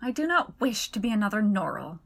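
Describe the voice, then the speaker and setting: A woman voicing an anxious, earnest poor male scholar who talks in a fretful, flustered way, his voice lifting higher. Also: big pitch swings, a little fast, gravelly, a bit bright, exaggerated voice. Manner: fretful and flustered, rising in pitch.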